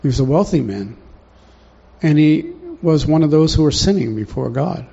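A man's voice: a little high, animated, normal speed, vocal fry, warm tone, slightly rough. A man preaching a sermon in a conversational way, often putting questions to the congregation, in a dull lo-fi recording.

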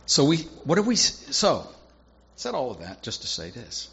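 A man's voice: mid-range voice, huge pitch swings, normal speed, gravelly, husky, lo-fi sound. A male pastor preaching a sermon in a conversational, folksy storytelling way with casual asides.

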